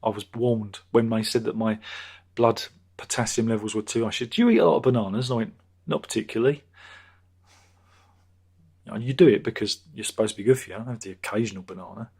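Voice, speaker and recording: This British livestream host, a man in his fifties, drifts through viewer comments with crude jokes and plenty of repetition. His voice is fairly low and steady, quick-paced, slightly mellow and husky.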